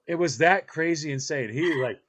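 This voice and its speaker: A man telling funny stories in casual chat, animated and laughing, acting out what people said. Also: on the high side, fairly quick. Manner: animated, laughing, acts out quotes in funny voices. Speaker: podcast host.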